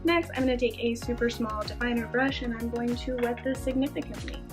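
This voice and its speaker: Gushing higher-voiced woman beauty vlogger. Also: fairly even intonation, brisk, over music. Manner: chatty, gushing exclamations. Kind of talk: casual makeup tutorial narration.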